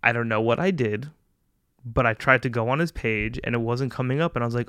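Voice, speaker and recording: A young man hosts a podcast in a loose, comedic rant, cursing freely and slipping into mocking voices. He sits at a mid pitch, recorded close and dry. Faint music plays underneath. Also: a little fast, dry recording. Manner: profane, animated rants with mocking put-on voices. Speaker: podcast host. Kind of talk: casual comedic monologue.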